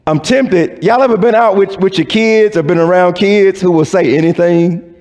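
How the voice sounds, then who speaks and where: A man preaching a sermon as pastor, talking to his congregation casually, acting out voices and dropping from loud and high to hushed and low. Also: moderate pace, big-room sound.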